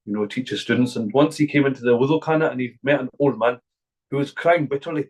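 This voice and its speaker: A man's voice: mid-range voice, fast talker, a little mellow, breathy edge, low-quality recording. A middle-aged man from Glasgow, an imam giving an earnest, repetitive religious talk to a gathering. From Glasgow, Scotland. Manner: earnest, repetitive, emphatic preaching.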